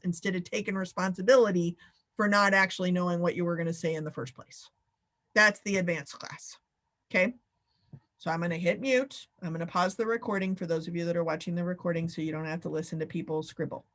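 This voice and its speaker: Over a video call, a woman facilitates a live online workshop. Her delivery is animated and playful, swooping up high whenever she wants to emphasize something.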